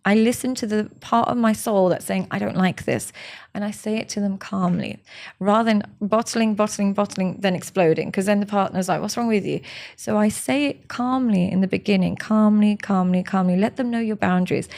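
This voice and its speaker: A woman's voice: mid-range voice, brisk, gravelly, a little mellow. A woman speaking as a relationship expert in an interview, explaining with examples and acted-out quotes, stressing points by repeating words. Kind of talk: advice interview.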